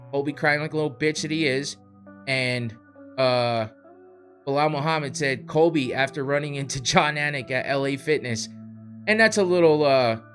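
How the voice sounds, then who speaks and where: A man's voice: medium pitch, fairly bright tone. A man hosting a podcast, ranting in a heated, profane way. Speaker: podcast host. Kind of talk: casual podcast rant.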